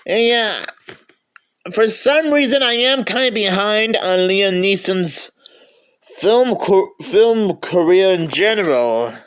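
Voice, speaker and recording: High-voiced man stammering through a review. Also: takes it slowly, fairly bright tone, clean tone. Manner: stammering, restarts sentences often. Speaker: movie reviewer. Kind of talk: casual movie review.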